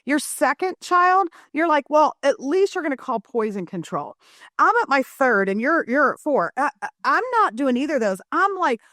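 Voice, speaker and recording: Lively woman telling a family story. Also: high-pitched, brisk, dry recording, clean studio sound. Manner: animated storyteller acting out family scenes. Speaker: guest author. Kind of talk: storytelling in a podcast interview.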